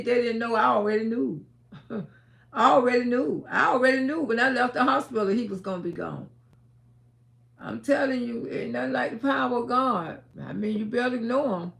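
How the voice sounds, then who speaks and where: A high-voiced woman with a gravelly edge talks straight to her livestream audience. She is emphatic, dropping to a hush one moment and shouting the next. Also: a little fast. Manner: emphatic, swings between hushed and shouting. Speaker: livestream host. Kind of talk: casual storytelling livestream.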